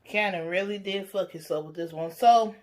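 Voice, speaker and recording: A woman giving a blunt, profane, animated recap of a TV episode in casual commentary. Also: medium pitch, normal speed. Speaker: TV reaction reviewer.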